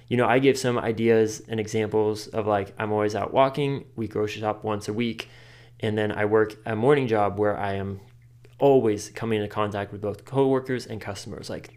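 A man hosting a podcast, giving casual advice in a chatty way, full of "like" and quick laughs. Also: on the low side, a little mellow. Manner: chatty, filler-heavy with frequent "like", laughs often. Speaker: podcast host.

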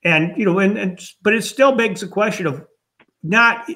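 A man's voice: sits high, moderate pace, pushed and bright. A man from Minnesota answering interview questions in a thoughtful, rambling way. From Minnesota, USA. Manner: thoughtful, rambling, musing aloud. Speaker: guest, customer experience author.

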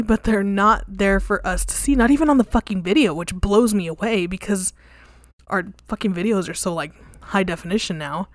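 A young woman talks through a ghost story on her podcast, casual and blunt, cursing freely and leaning on fillers like "like" and "you know." Her voice sits in a middle pitch. The recording is dry and close, with no room sound around it. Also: moderate pace, dry recording. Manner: candid and profane, with frequent fillers. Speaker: podcast host. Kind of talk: casual storytelling about hauntings.

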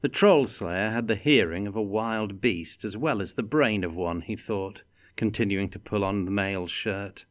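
A man reading a fantasy story aloud in a measured, deliberate way. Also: lowish voice, dry recording, clean studio sound. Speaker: reader.

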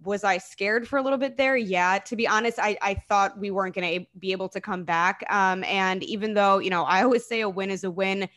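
A woman's voice: medium pitch, fairly even intonation, a little fast, few pauses, fairly bright tone. Enthusiastic woman guest. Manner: enthusiastic, conversational, frequent fillers. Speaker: podcast guest. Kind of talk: casual sports podcast chat.

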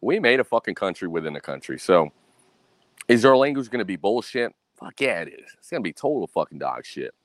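A young American man tells a story in a casual monologue, blunt and full of swearing. His voice sits on the low side but jumps around a lot in pitch, and he keeps tossing in "right?" The recording is dry and close, with little room sound. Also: very animated, brisk, no echo. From United States. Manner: blunt, profane, ranting.

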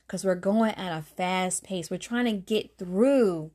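A woman's voice: medium pitch, unhurried, few pauses. A woman in her thirties hosting a podcast, telling a faith story in a casual, earnest way, often laughing and repeating phrases for emphasis. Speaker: podcast host giving a devotional talk.

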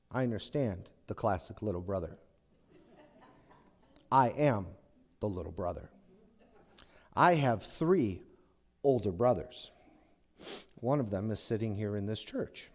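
A male pastor giving a sermon in an animated, conversational storytelling manner. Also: on the low side, a little slow, long pauses.

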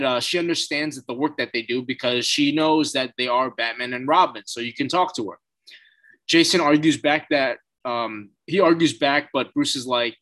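Male podcast host, slightly higher voice, relaxed cursing recap delivery. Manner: loose, profane, filler-heavy storytelling. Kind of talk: casual episode recap.

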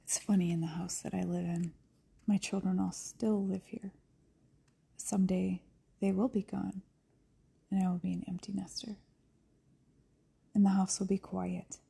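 Gravelly, chatty middle-aged woman. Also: mid-range voice, level tone, normal speed, pauses often, warm tone. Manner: chatty and rambling, laughs often, drifts into whispers. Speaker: podcast host. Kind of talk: casual chat. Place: at home.

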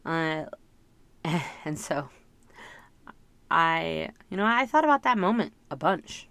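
A woman's voice: sits low, expressive, slow, vocal fry, a bit bright, no echo. A middle-aged woman talking through her thoughts in a casual, rambling, reflective monologue, full of fillers. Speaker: parent sharing reflections.

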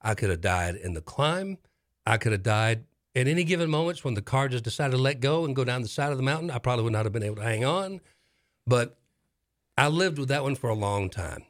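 Animated middle-aged man spinning a tale. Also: medium pitch, brisk. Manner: animated, dramatic retelling with repeated phrases. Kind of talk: casual storytelling on a talk show.

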